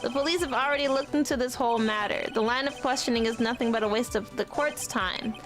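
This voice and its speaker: A smug, dismissive prosecutor, read by a woman, brisk and curt, a game character over music. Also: on the high side, a bit bright, lightly acted.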